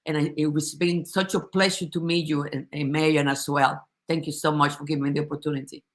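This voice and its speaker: A woman's voice: low voice, flat delivery, fairly quick. A woman giving a heartfelt, impassioned testimony in a group conversation, emotional and often restarting her sentences. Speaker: company supporter giving a testimony.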